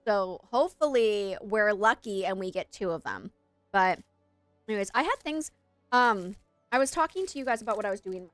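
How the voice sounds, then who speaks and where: A woman's voice: medium pitch, lively intonation, moderate pace, fairly bright tone, no echo, faint music behind. A woman streamer chatting on a live gaming stream, rambling and self-deprecating, who also works as an English teacher.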